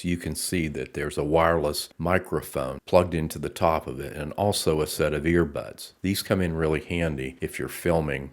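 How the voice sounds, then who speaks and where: A man presenting a narrated slideshow tutorial, explaining equipment in a steady, explanatory way. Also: a bass voice. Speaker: research group presenter.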